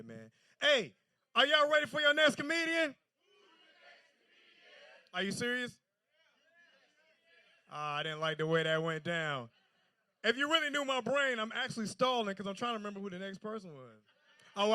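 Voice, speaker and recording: A man hosting a comedy show, doing loud, teasing crowd work between acts. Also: sits high, no room sound, clean studio sound.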